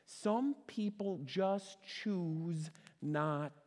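A middle-aged male pastor preaches with a fairly high voice, keeping it conversational and throwing questions out to the crowd. He slows right down on the words he wants to land. The sound rings with the long reverb of a big hall. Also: a little mellow. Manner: conversational, asks the audience questions, stresses words by slowing down. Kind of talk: sermon.

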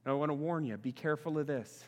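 A man preaching a sermon as a pastor, speaking emphatically and swinging between loud passages and hushed ones. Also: fairly high pitch, fast. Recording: long reverb of a large hall.

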